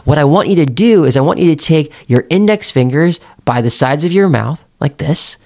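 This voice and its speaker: A man's voice: on the high side, moderate pace. A man coaching on how to connect with people, speaking straight to the viewer in an emphatic, demonstrative way. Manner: animated, emphatic, addresses the viewer directly. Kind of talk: direct-to-camera teaching.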